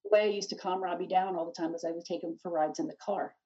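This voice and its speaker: Woman guest, earnest testimony; husky, dull distant lo-fi recording. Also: on the low side, steady tone, fast talker, mellow. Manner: earnest, with frequent restarts. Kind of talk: emotional personal testimony.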